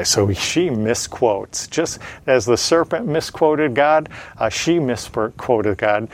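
A man's voice: medium pitch, expressive. A man preaching an expository sermon, reading scripture aloud and explaining it verse by verse, with frequent "uh" fillers. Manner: measured teaching delivery with frequent "uh" fillers.

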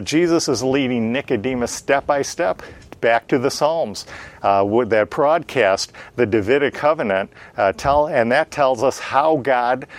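A man teaching a Bible study in a plain-spoken, explanatory way, with many "uh" fillers. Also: mid-range voice.

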